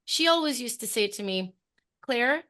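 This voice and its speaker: A woman's voice: medium pitch, moderate pace, fairly bright tone. A woman podcast host from Scotland with a mild Scottish accent, chatty and self-mocking. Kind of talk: casual podcast chat.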